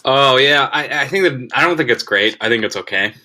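A man's voice: mid-range voice, animated, pushed and bright, poor audio. A young adult man co-hosting a podcast, talking casually with lots of fillers and firm opinions. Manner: quick, filler-heavy, opinionated. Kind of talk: casual chat.

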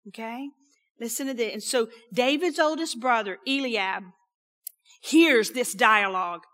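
A woman preaching a sermon, animated, dropping to a hushed whisper for emphasis and checking in with "okay?". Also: a little high, unhurried. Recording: long hall reverb.

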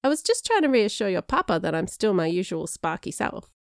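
A woman's voice: mid-range voice, sing-song, a little fast, gravelly, no room sound, studio quality. A woman voicing a sparky, mischievous teenage girl with a playful, teasing way of talking.

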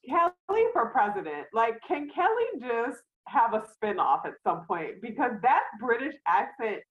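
A woman's voice: on the high side, big pitch swings, measured pace. A woman co-hosting a podcast in casual chat, laid-back and easily amused. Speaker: podcast co-host. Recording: tinny phone-like line.

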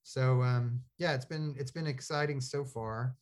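A man's voice: mid-range voice, steady tone, measured pace, a little mellow. A man, an author and guest in a casual interview, talks in a rambling, storytelling way with many fillers and restarts.

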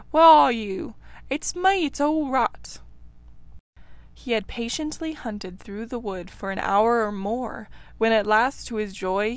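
Woman reading a storybook aloud, expressive. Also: mid-range voice, no room sound. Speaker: reader. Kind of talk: storybook read-aloud narration.

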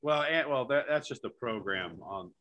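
Bright-voiced man in casual sports chat. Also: mid-range voice, animated, normal speed. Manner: rambling, laughs between points. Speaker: podcast co-host.

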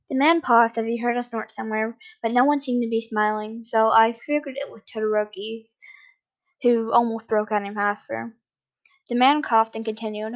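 A woman reads a first-person story aloud in a steady, plain way. Her voice sits a little high, and the recording is slightly muffled and lo-fi. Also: normal speed. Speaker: story reader. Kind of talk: first-person fan fiction reading.

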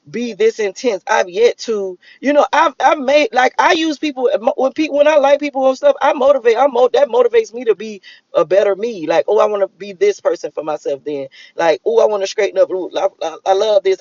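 A man's voice: sits high, dry recording. A man rambling through a solo vlog monologue, leaning on "like" and restarting his sentences. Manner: musing, repeats "like" often, restarts sentences. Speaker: vlogger. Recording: dull lo-fi dry recording.

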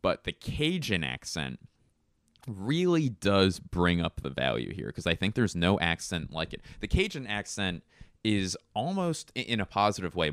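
A man's voice: low-pitched, creaky, smooth, no room sound, studio quality. A man hosting a casual solo podcast, rambling and joking with plenty of swearing. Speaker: podcast host.

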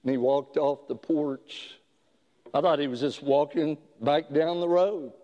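A pastor tells a story from the pulpit, and his speech is slow and unhurried with many halting restarts. His voice sits a little high for a man. The sound rings with the long reverb of a large hall. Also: dull audio. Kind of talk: sermon storytelling.

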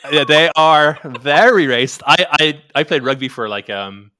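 Casting note: guy, bright voice, easygoing podcast chat, loose and rambly with lots of "like". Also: on the high side, expressive, moderate pace. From Ireland. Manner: rambling, many fillers and restarts, laughs often.

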